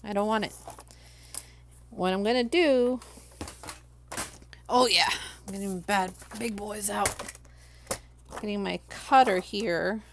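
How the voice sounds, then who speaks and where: A woman's voice: medium pitch, slow, pauses often, a little hiss or hum. A young adult woman from Los Angeles, chatting casually on a live stream and talking viewers through each crafting step.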